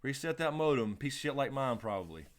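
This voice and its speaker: A man's voice: mid-range voice, sing-song, quick pace. A man co-hosting a casual live question-and-answer stream, laid-back, laughing often and swearing freely. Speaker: livestream co-host.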